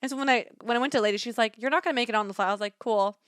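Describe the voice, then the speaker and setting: A woman co-hosting a podcast who talks fast and tells her story with animated quoted lines. Her voice is dry and close on a studio mic, with a casual, candid manner. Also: fairly high pitch, clear, resonant tone, dry recording. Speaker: podcast co-host. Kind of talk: casual chat.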